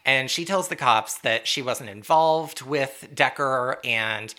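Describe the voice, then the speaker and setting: A woman co-hosting a podcast, chatting casually as she recaps a TV episode, giggling and quoting the characters in quick asides. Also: extremely low pitch, sharp tone. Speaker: podcast co-host.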